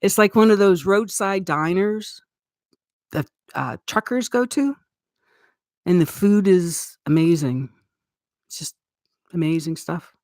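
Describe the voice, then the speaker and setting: A woman's voice: lowish voice, lively intonation, slow, long pauses, a little mellow, dry recording, clean studio sound. A middle-aged woman from Eastern Canada with a Canadian accent, chatting casually on a live stream in a rambling way and laughing often. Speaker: livestream host.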